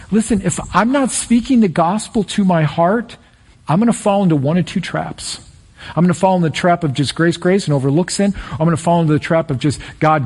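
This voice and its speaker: Pastor, male, husky tone, energetic sermon delivery with rising peaks. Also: high-pitched.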